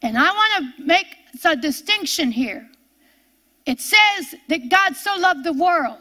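An older woman preaching a sermon, drawing out key words for emphasis and then slipping into quick, chatty asides. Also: very high-pitched, expressive, pushed and bright. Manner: emphatic, drawn-out preaching with sudden fast asides.

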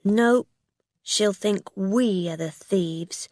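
A woman's voice: mid-range voice, extremely slow, darkish tone, dry recording. A woman voicing a gloomy, pessimistic young boy in a storybook reading. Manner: glum, pessimistic.

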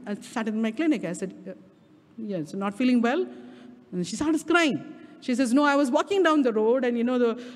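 A middle-aged woman with an Indian English accent preaching a sermon at a prayer meeting, stretching key words slowly for emphasis. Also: a little high, a little mellow. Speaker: guest speaker. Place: church prayer hall. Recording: reverberant hall.

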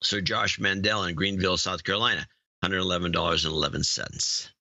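A man's voice: low-pitched, fairly even intonation, a little fast, sharp tone, no room sound, dull audio. A man co-hosting a podcast, chatting casually and reading out donor names and notes in a matter-of-fact way. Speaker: podcast co-host.

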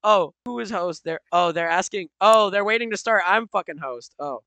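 A woman's voice: mid-range voice, normal speed, a bit bright, no echo, highs cut off. A young woman gaming YouTuber in casual chat, laughing often, exclaiming and swearing.

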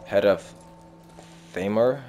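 A man's voice: on the low side, takes it slowly, warm tone, slight background noise. Exasperated young man playing a game. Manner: frustrated, exclamatory, swearing. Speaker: gaming streamer. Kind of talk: casual gameplay commentary.

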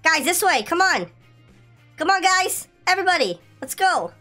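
A young woman giving excitable, giggly commentary while playing a video game. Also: very high-pitched, moderate pace, faint music behind. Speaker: gaming channel host.

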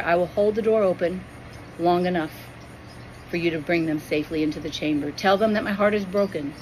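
A woman's voice: lowish voice, a little hiss or hum, natural voice, low-quality recording. Woman voicing a grieving, tender God the Father. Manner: tender, solemn pleading.

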